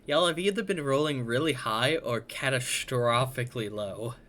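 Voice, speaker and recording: Bright-voiced male game master. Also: mid-range voice. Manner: casual, halting with fillers. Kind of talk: narrating a tabletop game.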